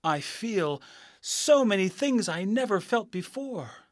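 A tender-hearted tin man from a storybook , played by a man, soft and wondering, his voice raised and slow. Dry and close with lively pitch. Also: dry recording, exaggerated voice.

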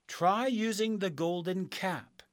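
A man doing cheerful squeaky little people. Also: takes it slowly, no echo, studio quality. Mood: eager. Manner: high, excited and eager. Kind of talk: storybook reading.

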